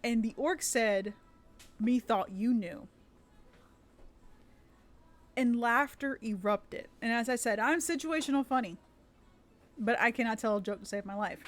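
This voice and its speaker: A woman's voice: a little high, normal speed. A woman who runs tabletop games, chatting casually on a live stream, rambling with many fillers and restarts. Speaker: streamer and dungeon master.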